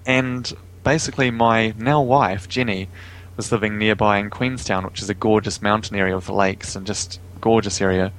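A man's voice: lowish voice, steady tone, normal speed, a bit bright, low-quality recording. A man with a New Zealand accent, a guest talking casually in an interview over a remote call, easygoing and chuckling often. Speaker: guest, vegan activist.

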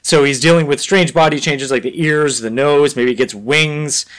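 A man co-hosting a podcast in casual chat, rambling through a story pitch with lots of fillers. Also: fairly even intonation, normal speed, a bit bright. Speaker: podcast co-host.

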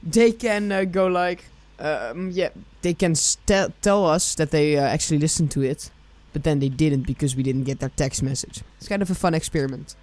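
A man's voice: on the high side, moderate pace, few pauses, a little mellow. A young man, co-hosting a casual podcast, joking and rambling as he talks. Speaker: podcast co-host. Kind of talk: casual chat.

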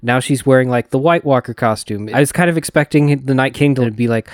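A man in casual podcast chat who rambles and leans on fillers. His voice sits at an ordinary pitch. It is recorded dry and close with no room sound. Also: brisk, no room sound. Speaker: podcast panelist.

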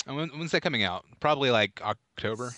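A man co-hosting a casual movie chat podcast, joking and bantering quickly. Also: medium pitch, animated, pushed and bright, no room sound.

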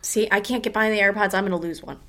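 A woman co-hosting a casual podcast chat, laughing and skeptical in quick banter. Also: medium pitch, bright, forceful tone. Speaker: podcast co-host.

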